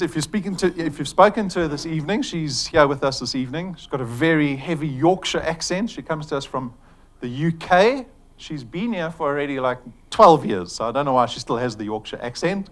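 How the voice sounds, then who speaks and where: Joking South African business presenter. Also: male voice, medium pitch. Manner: chatty and joking, with fillers. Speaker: company executive presenting to an audience.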